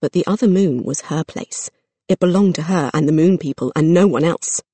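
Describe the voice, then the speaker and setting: A narrator reading a children's fantasy story aloud at a steady, measured pace. The voice sits mid-range and is recorded close and dry, with no echo in the room. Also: medium pitch, slightly rough.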